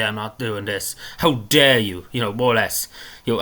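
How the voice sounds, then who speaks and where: A man's voice: medium pitch, a little fast, bright, forceful tone. A man giving rambling, indignant commentary on a video clip, repeating himself often. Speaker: political commentator.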